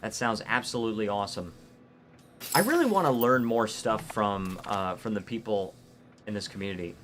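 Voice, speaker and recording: A man's voice: lowish voice, lively intonation, normal speed, a bit bright, soft background music. A man from Florida, chatting casually and rambling through a live game stream while he answers viewer chat. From Florida, United States.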